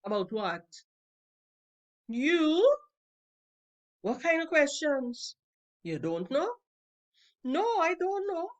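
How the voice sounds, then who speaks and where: A woman's voice: high voice, sing-song, very slow, pauses often, pitched above the performer's own voice, exaggerated voice. A woman voicing an easygoing young man who gives short, guarded replies while she reads a play aloud.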